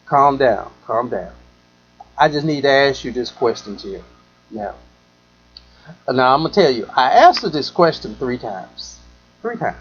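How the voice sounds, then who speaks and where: A man's voice: mid-range voice, very animated, a little slow, pauses often, a bit bright, highs cut off. A man hosting a talk show, telling a rambling story in a casual way, full of "you know", and acting out the people in it.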